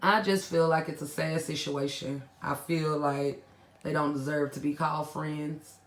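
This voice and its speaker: A woman's voice: low-pitched, steady tone, unhurried. Woman ranting to her viewers, blunt and slangy, echoey room sound. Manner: blunt, scolding, slangy, addresses viewers directly. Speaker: commentary channel host. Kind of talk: casual reaction commentary.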